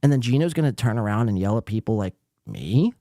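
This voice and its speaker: A man's voice: very fast, no echo, studio quality. A man hosting a live podcast, ranting in a profane, sarcastic way while reacting to clips. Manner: lively, jumpy pitch. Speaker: podcast host. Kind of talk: casual live-stream commentary.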